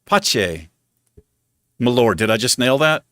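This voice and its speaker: A man's voice: mid-range voice, measured pace, no echo, clean studio sound. A man hosting a livestream in a casual chat, self-mocking and chuckling often as he fumbles over pronunciations. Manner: animated, struggling over pronunciation. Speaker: livestream host.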